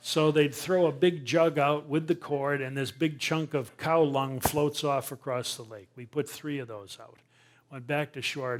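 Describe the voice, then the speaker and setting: Older man telling a funny story. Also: medium pitch. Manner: animated, self-deprecating, voices sound effects. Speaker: naturalist guest speaker. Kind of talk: humorous storytelling to a live audience.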